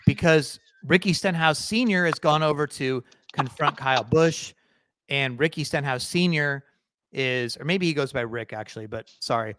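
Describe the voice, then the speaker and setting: A man's voice: a little high, moderate pace, fairly bright tone, no echo. Man, podcast co-host, casual chat, rambling, self-correcting, dry close sound.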